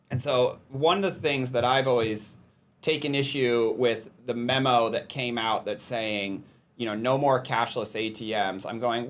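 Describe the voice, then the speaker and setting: A man's voice: mid-range voice, steady tone, measured pace. Jokey man hosting a podcast. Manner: jokey storyteller, acts out little scenes. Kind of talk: casual podcast conversation.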